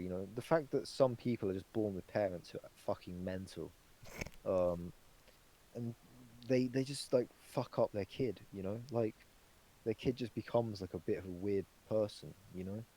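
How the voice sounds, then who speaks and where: A man's voice: fairly low pitch, dark tone, low-quality recording. A young man chatting casually on a podcast, rambling with lots of fillers and swearing. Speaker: podcast co-host. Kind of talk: casual chat.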